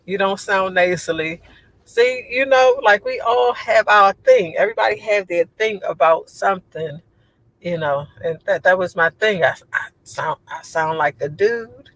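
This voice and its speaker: Her voice is low yet a bit bright, and she claims it sounds like a man's. Casually going through viewer comments on a livestream, she rambles with frequent laughter and fillers over a low-quality recording.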